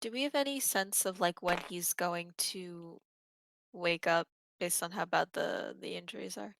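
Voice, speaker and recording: A woman's voice: fairly low pitch, a little slow, gravelly, a bit bright, no echo, low-quality recording. A woman playing a tabletop game online, bubbly and laughing often. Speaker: player. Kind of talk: casual chat during a tabletop game.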